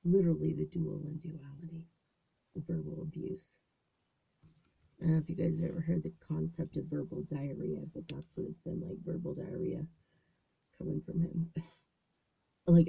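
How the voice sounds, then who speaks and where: With a deep, breathy voice full of vocal fry, a female host in her fifties chats casually through a story, giving the quoted characters their own voices. She's recording from a small closet at home, and the sound is narrow and phone-like.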